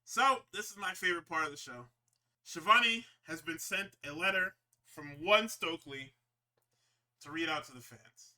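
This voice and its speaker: A man co-hosting a podcast, casually recapping wrestling shows in an animated, profane way and slipping into quick impressions. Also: on the high side. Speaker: podcast co-host.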